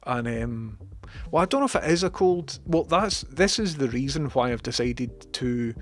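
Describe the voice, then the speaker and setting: A man's voice: mid-range voice, lively intonation, normal speed. A Scottish man casually chatting on his livestream, reading out chat messages with a slight cold in his voice. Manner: chatty, swears casually, reads chat aloud. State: has a cold.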